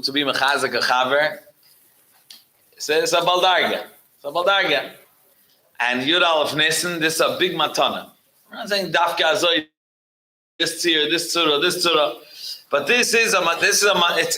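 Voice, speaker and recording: A man with a fairly high voice serves as guest rabbi at a religious gathering, telling stories animatedly with many restarts and bits of Yiddish and Hebrew. The audio quality is poor.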